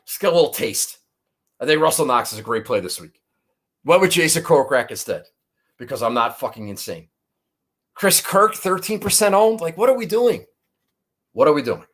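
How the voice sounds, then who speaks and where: A man with a notably high-pitched voice runs through his golf betting picks in loose, rambling chat. He swears freely and mocks himself as he goes. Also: very animated, moderate pace, long pauses, a bit bright. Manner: profane, rambling, self-mocking. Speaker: golf betting podcast host. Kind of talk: casual chat.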